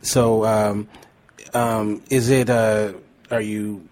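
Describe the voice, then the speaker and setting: A man interviewer asking a hesitant, halting question. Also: lowish voice, level tone, darkish tone.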